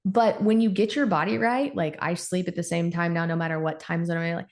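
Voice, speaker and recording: A woman in her forties, an endocrinologist guest on a podcast, telling stories in an animated, conversational way. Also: fairly low pitch, brisk. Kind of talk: casual podcast interview.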